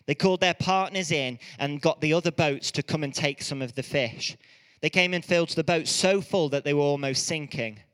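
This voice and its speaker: Smooth-voiced preacher, lively storyteller. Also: male voice, on the high side, big-room sound. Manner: lively storytelling with quick self-corrections. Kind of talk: sermon.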